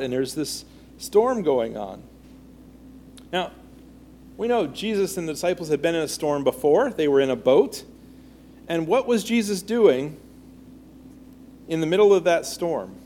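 Man, Bible study teacher, slightly high voice, conversational teaching, reads scripture and questions the group. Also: expressive, normal speed, a little mellow, slight background noise.

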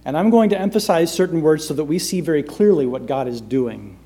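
A male preacher delivers a sermon in a high voice. He leans hard on key words, then drops to a near hush for effect. His tone is dramatic and built for a congregation. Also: animated, brisk, breathy edge. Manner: dramatic, shifts between loud emphasis and hushed delivery.

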